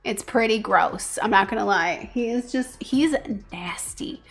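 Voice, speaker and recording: A woman streaming casually, chatting with viewers and cooing softly to her pet between thoughts. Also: medium pitch, a little slow, creaky. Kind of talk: casual livestream chat.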